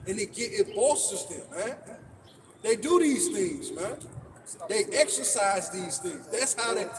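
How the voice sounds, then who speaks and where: A man's voice: high voice, animated, a little slow. A man leading a casual religious discussion in a preachy way, often repeating his words as he builds a point. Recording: noisy, distant mic.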